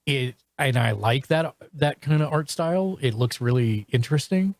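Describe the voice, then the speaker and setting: A podcast host chats casually and reviews shows, halting often with restarts and fillers. His voice is medium-pitched, with no echo.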